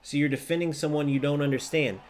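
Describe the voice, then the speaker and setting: A man giving live gameplay commentary on a football video game, ranting and arguing with viewers in an animated, direct way. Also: fairly high pitch, fast talker.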